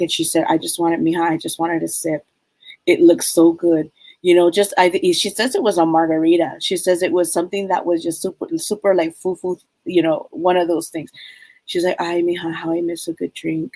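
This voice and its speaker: Halting, rambling woman medium, low voice. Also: darkish tone, no echo, rough recording. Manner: rambling, halting, many fillers. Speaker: psychic medium. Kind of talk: live spirit reading.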